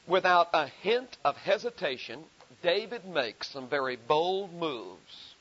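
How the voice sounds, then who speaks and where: A male preacher with a somewhat high, animated and fairly bright voice stacks repeated phrases in an emphatic, rising delivery, then slows down to read scripture with deliberate weight. The recording is dull and lo-fi.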